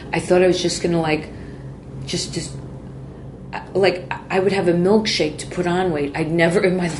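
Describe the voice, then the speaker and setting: Low-voiced woman telling a raw, profane story. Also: a little hiss or hum. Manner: raw, profane, self-interrupting. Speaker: guest. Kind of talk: candid personal storytelling. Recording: echoey room with faint ambience.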